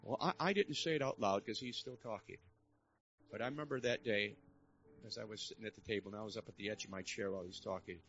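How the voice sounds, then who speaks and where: A man's voice: fairly low pitch, quick pace, a bit bright, highs cut off, faint music behind. An older man preaching a storytelling sermon in a church service, earnest and building to fervent exhortation.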